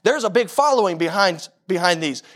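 A man's voice: sits high, lively intonation, a little fast, fairly bright tone. A man. He repeats phrases and speaks directly to his listeners, hammering points home. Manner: impassioned, repeats phrases, talks straight to the congregation. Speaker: pastor. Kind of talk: sermon.

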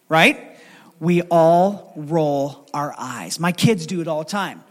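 A man preaching a sermon as lead pastor, animated and storytelling, with acted quotes. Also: fairly high pitch, a little slow, big-room sound.

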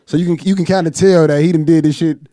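Profane, animated man telling his story. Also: a little high, fast, dry recording, clean studio sound. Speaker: podcast host. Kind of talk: casual storytelling chat.

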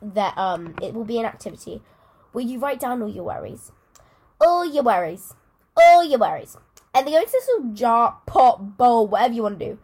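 Chatty husky teenage girl. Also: on the high side. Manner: chatty, rambling, giggly. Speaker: podcast co-host. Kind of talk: casual chat.

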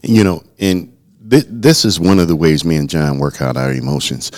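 Man, very deep voice, middle-aged, earnest storyteller, podcast co-host. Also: moderate pace, a little mellow. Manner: earnest, storytelling, repeats words when starting. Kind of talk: casual podcast conversation.

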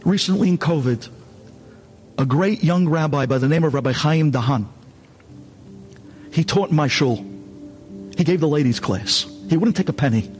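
A man, a rabbi, giving a sermon in an animated, dramatic storytelling way. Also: fairly high pitch.

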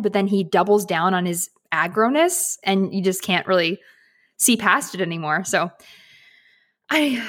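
A young woman co-hosts a podcast in relaxed chat. She talks freely, breaks into laughter often and swears casually. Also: medium pitch. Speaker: podcast co-host.

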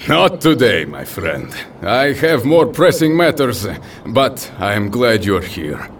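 A man voicing a confident, booming male veteran warrior in a fan audio drama. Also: sing-song, slight background noise. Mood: commanding. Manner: slow, commanding.

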